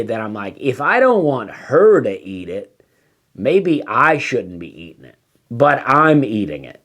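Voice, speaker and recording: A man, a comedian telling a meandering story, full of fillers and lost trains of thought. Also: medium pitch. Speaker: stand-up comedian. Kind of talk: rambling comic storytelling.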